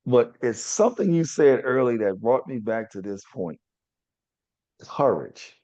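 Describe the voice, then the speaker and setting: A man's voice: mid-range voice, expressive, normal speed, mellow. A man hosting a podcast in casual interview chat, emphatic and repeating his key phrases for weight. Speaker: podcast host. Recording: dull lo-fi sound.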